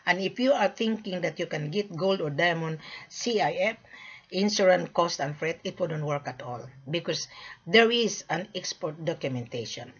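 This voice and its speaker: Husky woman with a lilt. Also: lowish voice. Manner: storytelling, acts out both sides of conversations; frequent throat clearing. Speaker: gold and diamond sales mandate. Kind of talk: casual monologue. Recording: dull lo-fi recording.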